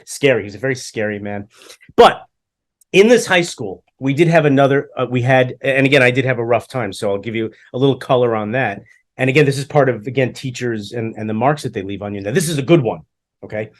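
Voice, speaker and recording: A middle-aged man swaps stories on a casual podcast, his voice sitting at an ordinary middle pitch. He jokes, runs himself down, and slips into the voices of the people he quotes as he tells a tale. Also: quick pace. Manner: joking, self-deprecating, acts out quotes. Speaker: podcast co-host. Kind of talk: casual storytelling chat.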